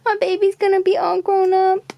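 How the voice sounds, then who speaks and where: A woman's voice: very high voice, creaky, dark tone. A woman filming her kitten at home, talking to it in gushing baby talk and laughing often. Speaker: pet owner vlogger. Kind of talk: casual home video narration.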